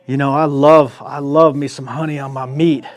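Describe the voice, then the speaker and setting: A man's voice: medium pitch, little pitch movement, moderate pace, soft background music, lightly acted. A coaxing seductress, as a man puts her on.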